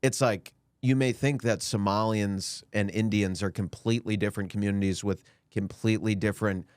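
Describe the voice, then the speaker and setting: A man co-hosting a podcast, riffing in a deadpan, mock-earnest casual chat. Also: lowish voice, moderate pace, smooth, no room sound. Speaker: podcast co-host.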